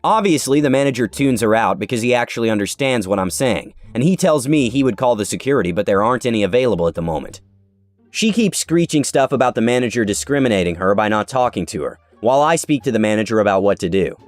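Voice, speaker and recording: A man narrating an online story in a scripted, sarcastic and animated way. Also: on the low side, quick pace, no echo. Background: faint background music.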